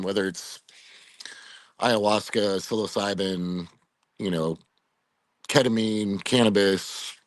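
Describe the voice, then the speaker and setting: A middle-aged man, a retired Air Force veteran, telling a personal story in a podcast interview, reflective and emotional, halting with fillers. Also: fairly low pitch, dry recording.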